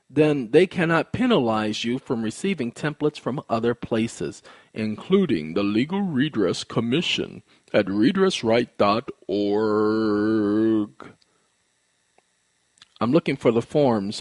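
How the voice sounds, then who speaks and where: A man hosting his own online show, talking casually and directly to his viewers with repeated, animated call-outs. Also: medium pitch, no room sound. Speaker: online activist host.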